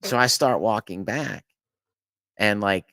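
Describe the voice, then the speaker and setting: A podcast host with a fairly low, slow voice and vocal fry tells a long story in casual chat. He's animated, restarting sentences, swearing, and laughing mid-story, all captured in studio quality with no echo.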